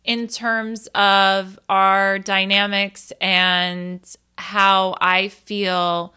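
Candid, slow-talking woman in her thirties. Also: mid-range voice, level tone, sharp tone, clear, resonant tone. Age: 30s. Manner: candid, swears, laughs at herself. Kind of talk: casual storytelling monologue.

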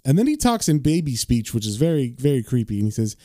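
A man's voice: medium pitch, very animated, quick pace, dark tone, no room sound, clean studio sound. A man casually recapping and reading a comic book issue as a podcast host. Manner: casual, with fillers and laughs.

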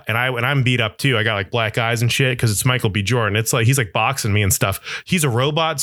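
A man's voice: mid-range voice, a bit bright, no echo, clean studio sound. A young man in a casual comedic monologue, rambling and self-deprecating as he riffs into absurd bits.

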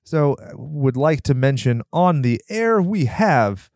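A man's voice: a little high, very animated, slow pace, darkish tone, dry recording, studio quality. A nasal-voiced man hosting a podcast, rambling through plugs with crude jokes and self-deprecation. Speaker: podcast host. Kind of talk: casual podcast outro and plugs.

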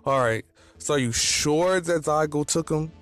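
A man's voice: a little high, measured pace, a bit bright, faint music behind, pitched above the performer's own voice. Man doing a stern monster boss, Slenderman. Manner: impatient, commanding. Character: tall faceless male monster boss, stern.

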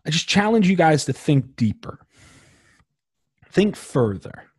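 A young man hosting his own podcast, talking casually and emphatically with a slangy, animated delivery. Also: a little high, a little slow, breathy edge, dry recording, clean studio sound. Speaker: podcast host. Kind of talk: casual solo podcast talk.

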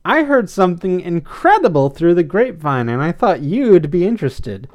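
A man's voice: sits high, big pitch swings, moderate pace, voice pushed up. A man voicing an earnest, fussy male hedgehog pet in a read-aloud story. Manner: earnest, slightly exasperated.

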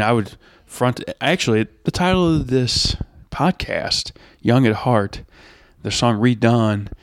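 A podcast host with a fairly low voice reviews music on his own show, recorded in a clean studio with no echo. Alone at the mic, he rambles enthusiastically about bands he loves, using many fillers.

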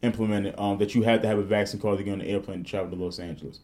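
A man, hosting a casual podcast and telling stories in a profane, animated way, full of restarts. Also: fairly low pitch, racing. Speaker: podcast host.

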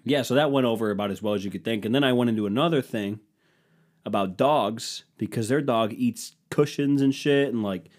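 A man's voice: medium pitch, fairly quick, darkish tone. A man hosting his own podcast, telling stories in a profane, sarcastic rant. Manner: profane, sarcastic, ranting storyteller. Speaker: podcast host.

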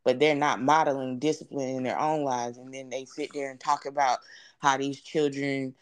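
Reflective young woman, smooth clear voice. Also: very deep voice, flat delivery. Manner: earnest, reflective, drawn-out phrasing with many fillers. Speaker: podcast guest. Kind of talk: candid conversational storytelling.

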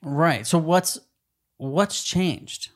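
A man's voice: on the high side, very slow. A man co-hosting a podcast, chatting casually, joking and laughing often. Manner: jokey, laughs often, does goofy voices. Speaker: podcast co-host.

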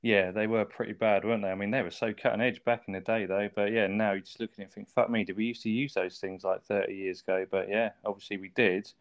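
Fast-talking man, low voice. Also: level tone. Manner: chatty, swears, laughs often, asks tag questions. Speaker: podcast co-host. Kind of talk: casual chat.

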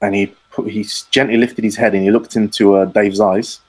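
A man's voice: lowish voice, level tone, a little fast, darkish tone, slightly rough, poor audio. Slangy man telling a story. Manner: rambling, slangy, acts out the voices of the people in his story. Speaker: podcast guest storyteller. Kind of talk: casual anecdote telling.

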